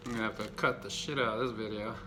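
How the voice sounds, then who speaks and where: A man hosting a casual unboxing vlog, cracking crude, profane jokes with deadpan self-mockery. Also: lowish voice, rapid-fire, a little hiss or hum. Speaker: video host.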